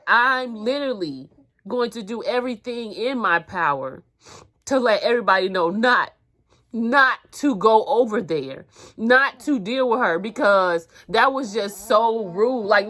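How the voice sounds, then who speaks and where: A woman's voice: on the high side, expressive, unhurried, a bit bright. A mother venting in a vlog, heated and emphatic, repeating herself. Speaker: mother vlogger.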